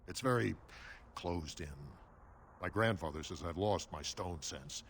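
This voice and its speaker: An actor playing a surface-born dwarf merchant who speaks with wry, guarded resentment in a video game. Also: male voice, sits low, a little slow, a little hiss or hum. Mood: wry, bitter.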